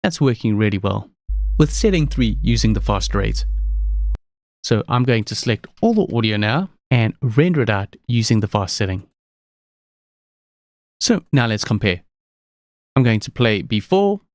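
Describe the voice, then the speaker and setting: A man presenting a screen-recorded software tutorial, explaining each step calmly. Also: lowish voice, moderate pace, pauses often, no echo.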